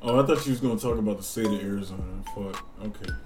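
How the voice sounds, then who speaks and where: A young man co-hosting a casual podcast, loud and joking and swearing freely. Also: lowish voice, racing, music in the background. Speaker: podcast co-host. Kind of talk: casual chat.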